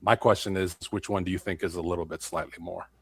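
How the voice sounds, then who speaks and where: A man talking sports on a casual panel chat, emphatic and animated when he makes a point. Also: sits low, fast, breathy edge, no room sound. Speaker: guest co-host.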